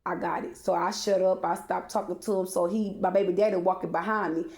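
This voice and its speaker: A woman's voice: lowish voice, steady tone, a little fast, darkish tone. Woman, casual storytime monologue, rambling, fillers, talks to her audience, profane. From Texas.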